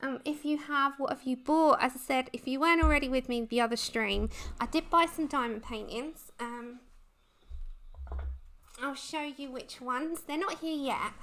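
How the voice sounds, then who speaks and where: A woman's voice: sits high, normal speed, a bit bright, slight background noise. A woman hosting a casual colouring livestream, chatting and giggling as she reads the chat. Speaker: livestream host.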